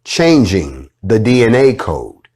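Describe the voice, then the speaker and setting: A man's voice: fairly low pitch, very animated, slow pace, darkish tone. A man giving an informal, preachy talk, blunt and swearing freely. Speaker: speaker addressing followers. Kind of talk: informal lecture.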